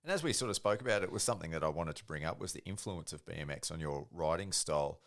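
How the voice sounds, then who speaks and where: Male host, very low voice, easygoing interviewer. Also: fast. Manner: relaxed, conversational, hedging questions. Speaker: podcast host. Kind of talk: casual interview chat.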